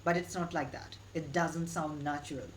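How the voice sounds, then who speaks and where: Woman, English teacher, steady instructive delivery, repeats key points, noisy recording. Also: sits low, moderate pace. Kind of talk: online English lesson.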